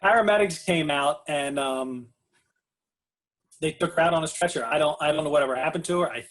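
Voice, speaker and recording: A man's voice: on the high side, a little fast, a bit bright. A man hosting a live podcast over a video call, easygoing as he wraps a story and brings in the next guest. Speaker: podcast host. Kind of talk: casual chat on a live podcast.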